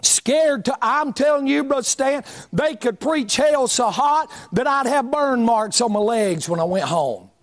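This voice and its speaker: High-pitched shouting preacher man. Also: animated, measured pace, few pauses. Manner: shouting, chanting cadence with many uh fillers. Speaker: pastor. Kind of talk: fiery revival sermon. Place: church sanctuary.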